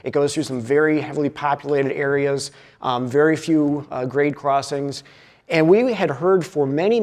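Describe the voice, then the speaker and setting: This presenter at a conference hall has a fairly high, darkish voice trailed by a long reverb. His talk stumbles through plenty of uhs and false starts.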